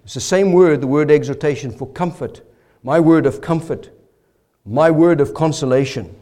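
High-voiced earnest male preacher. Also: moderate pace, warm tone. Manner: earnest, emphatic, rhetorical questions. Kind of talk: expository sermon.

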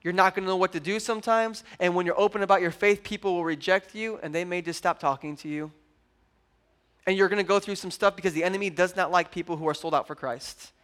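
Speaking quickly, a thirty-something pastor preaches with a high, raised voice, joking and teasing his congregation between points in a lively, conversational way. His sermon swings between booming appeals to everyone and soft, personal asides.

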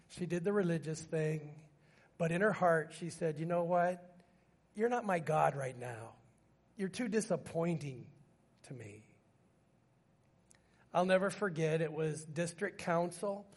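An older man preaching a sermon in a church, telling a family story and rising into fervent, emotional pleading. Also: sits high. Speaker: pastor. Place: church sanctuary.

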